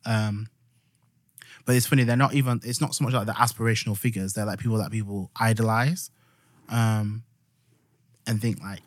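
A man's voice: fairly low pitch, normal speed, long pauses, no echo. Yorkshire man rambling in casual chat. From Yorkshire, England. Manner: rambling, full of "like" and restarts, animated retelling. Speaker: podcast co-host.

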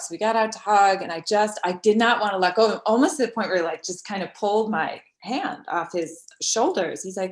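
A middle-aged woman recounting a personal story as an interview guest, halting and tender with many pauses and restarts. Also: medium pitch.

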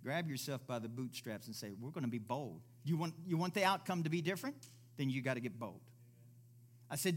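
A man's voice: medium pitch, lively intonation, fairly quick. A man preaching a sermon in a church service, emphatic, firing off rhetorical questions and acting out the voices he quotes.

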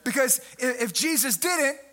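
Young male pastor, very high bright voice, lively preaching with sharp jumps in pitch and volume. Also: normal speed. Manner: animated preaching, jumps pitch and volume for emphasis, mimics people. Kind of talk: sermon.

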